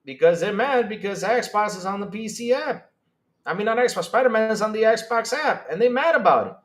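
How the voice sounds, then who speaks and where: A man hosting a live stream, reading chat aloud and reacting with excitable disbelief and frequent laughter. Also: high-pitched. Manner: excitable, incredulous, laughing, rapid swings in loudness.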